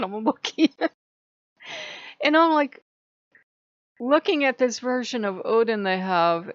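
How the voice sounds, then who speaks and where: A woman hosting her own channel, telling a dream story in a casual, animated way. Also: mid-range voice, no echo. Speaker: channel host. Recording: dry, dull lo-fi sound.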